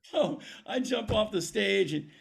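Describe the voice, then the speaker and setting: Gravelly older man telling stories. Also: high-pitched, unhurried. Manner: animated storyteller acting out quoted dialogue. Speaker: guest musician. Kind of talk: storytelling in a podcast interview.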